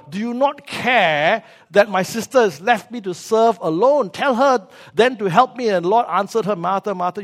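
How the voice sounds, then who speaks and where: A male preacher, his voice sitting notably high for a man. He delivers the sermon in an animated, joking way, acting out everyday scenes with sound effects.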